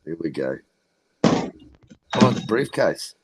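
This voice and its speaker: A man's voice: low-pitched, very animated, takes it slowly, noisy background. A man hosting a podcast, bantering crudely with his guests. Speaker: host. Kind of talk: casual podcast chat.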